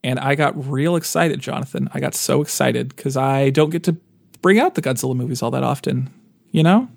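A man in his thirties in casual podcast chat, rambling and animated, full of restarts and fillers. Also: mid-range voice, brisk, vocal fry, no room sound, studio quality. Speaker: podcast co-host.

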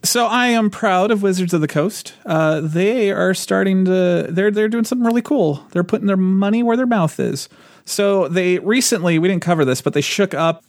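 A man's voice: high-pitched, normal speed, no room sound, studio quality. A man co-hosting a podcast, chatting casually about board game news, laughing often and restarting his sentences. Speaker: podcast co-host.

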